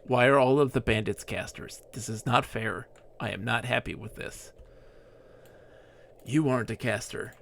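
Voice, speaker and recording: A man's voice: mid-range voice, moderate pace, gravelly, long pauses, a little hiss or hum. A man streaming a game live, chatting and joking in character with playful, mock-dramatic rants.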